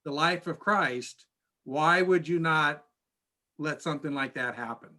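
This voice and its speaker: A man, a pastor, telling stories in a casual church class, chatty and halting with frequent restarts. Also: a little high, bright, forceful tone. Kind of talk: casual storytelling lesson.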